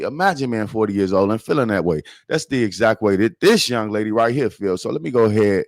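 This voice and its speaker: A man with a Chicago accent talks through the news in a loose, profane, rambling way, leaning on filler words. His voice sits fairly low, and the recording is dry and close with no room sound. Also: animated, fast talker, hardly any pauses, no echo. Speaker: podcast host. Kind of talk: casual news commentary.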